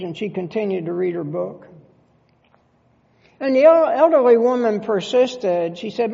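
A pastor preaching a sermon in a church sanctuary, speaking earnestly with halting restarts. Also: mid-range voice, lively intonation, gravelly, darkish tone, long reverb tail, lo-fi sound.

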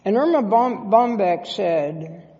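A pastor delivers an earnest sermon at an unhurried pace, their voice carrying a gravelly edge. They stumble and restart phrases as they go. The dull recording carries the long reverb of a church sanctuary. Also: medium pitch, expressive, dark tone. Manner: earnest, halting, with frequent restarts.

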